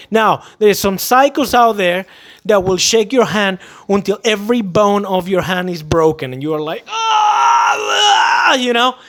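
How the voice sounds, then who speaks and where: High-voiced man giving animated sales advice. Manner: animated, acts out quotes, emphatic. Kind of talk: casual advice monologue.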